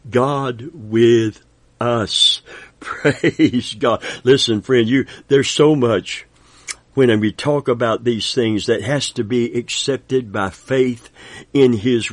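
A man's voice: mid-range voice, no room sound. A man in his seventies preaching a sermon with an emphatic, repetitive cadence, quoting scripture and praising God. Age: 70s.

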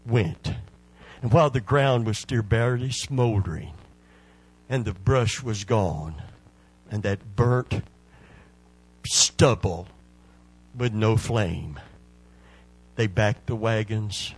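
Slow-paced fervent male preacher. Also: on the low side, breathy edge. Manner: storytelling preacher, rising to loud fervent shouts. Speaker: pastor. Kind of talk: sermon.

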